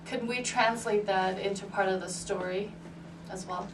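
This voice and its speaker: A woman's voice: medium pitch, steady tone, moderate pace, noisy background. A woman teaching a piano lesson, patient and encouraging, often checking in with "right?" and "okay". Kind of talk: private music lesson. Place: room with a piano. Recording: roomy, distant, piano playing.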